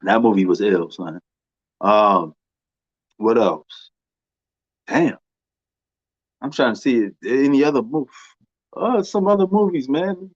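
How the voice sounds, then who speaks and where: A man's voice: medium pitch, expressive, slow, long pauses, no echo, dull audio. A man with a New York accent chatting casually and rambling about movies, full of slang and fillers. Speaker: movie commentator. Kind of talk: casual chat.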